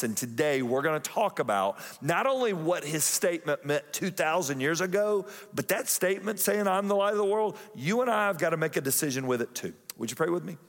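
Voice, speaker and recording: A man with a high voice preaches to his congregation in a relaxed, joking way, drawing the crowd in with questions. His voice rings out with a long reverb in a church auditorium. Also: fairly quick, few pauses. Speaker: pastor. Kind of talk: sermon.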